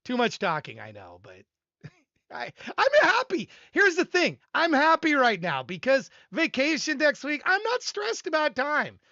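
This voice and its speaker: A man's voice: extremely high pitch, huge pitch swings, a little slow, bright, forceful tone, no echo, dull audio. An older man hosting a live stream, rambling and self-deprecating, laughing often as he talks to his chat. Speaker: livestream host reviewing music submissions. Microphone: desk microphone.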